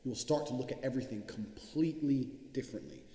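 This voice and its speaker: A man's voice: medium pitch, quick pace, mellow. A man giving a blunt, profane motivational speech, hammering his points home with repetition. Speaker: speaker giving a motivational talk. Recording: echoey hall with long reverb.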